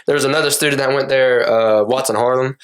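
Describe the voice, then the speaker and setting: A young man from Cherokee, North Carolina, co-hosts a podcast and tells stories in casual chat. His voice sits mid-range with a clean tone, and he talks fast. He retells things with energy, acting out other people's lines and swearing along the way.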